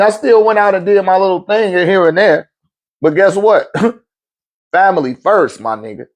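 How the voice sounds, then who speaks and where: A middle-aged man, giving blunt, profane life advice in a casual monologue and laughing often. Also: high voice.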